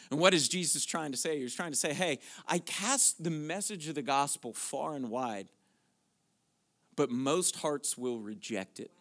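High, bright-voiced man preaching. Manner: preaching, building from quiet questions to shouted declarations. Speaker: pastor. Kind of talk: sermon.

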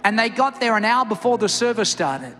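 A middle-aged male pastor preaching a sermon with an altar call, impassioned and building to near-shouts. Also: sits high, sing-song, brisk, big-room sound. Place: church service, also streamed online.

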